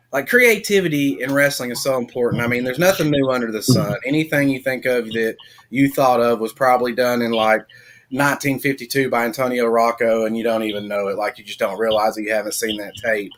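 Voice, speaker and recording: A man's voice: medium pitch, moderate pace, fairly bright tone. A man hosting a casual interview podcast, asking long, winding questions and explaining terms for listeners. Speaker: podcast host.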